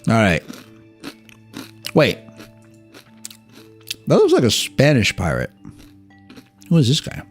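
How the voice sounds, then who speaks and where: Soft music plays behind this livestream host, a Southern California man whose mid-range voice moves slowly with frequent pauses. He reads aloud, jokes with his chat, curses freely, and riffs on their comments in an animated way.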